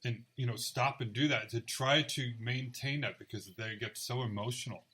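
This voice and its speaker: A man with a bright, forward voice, talking casually as a psychic medium. He tells his stories with animation and acts out the quoted dialogue as he goes. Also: mid-range voice, fairly even intonation, normal speed, breathy edge. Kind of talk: casual chat, storytelling.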